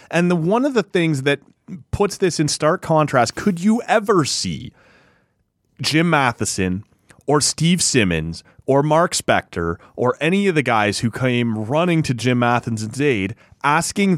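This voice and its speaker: A man's voice: on the high side, no room sound, clean studio sound. A man co-hosting a casual sports podcast, ranting in a heated, profane way. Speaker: podcast co-host.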